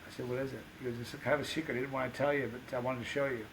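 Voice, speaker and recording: Male podcast guest, gravelly and bright, animated storyteller, faint room noise. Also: medium pitch, rapid-fire, rough recording. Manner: animated anecdote-teller, acts out quoted dialogue. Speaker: podcast guest, pepper show host. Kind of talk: casual storytelling.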